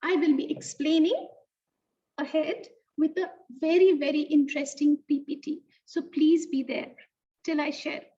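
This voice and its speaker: A woman teaching an online lesson to young children, in an animated, sing-song teacher voice that slows to stress key words. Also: high voice. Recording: distant, dull lo-fi sound.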